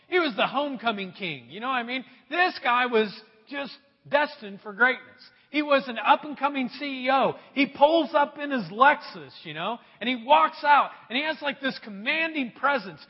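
A male pastor preaching a sermon to his congregation, telling a story in an animated way. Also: very high voice, slightly rough. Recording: dull sound, long hall reverb.

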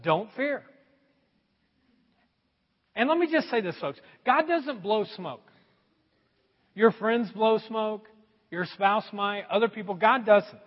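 Middle-aged male pastor, high, lively delivery, husky edge, dull echoey hall sound. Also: slow pace, long pauses. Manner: animated, swings between loud emphasis and quiet asides. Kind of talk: sermon.

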